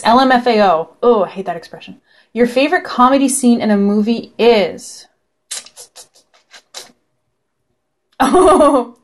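A young woman talking casually to camera, chatty and excitable, swearing freely as she answers questions. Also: on the high side. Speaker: vlogger.

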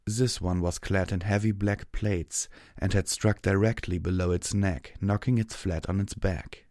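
Deep-voiced male storyteller. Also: steady tone, measured pace, a little mellow, dry recording, studio quality. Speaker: narrator. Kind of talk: scripted narration.

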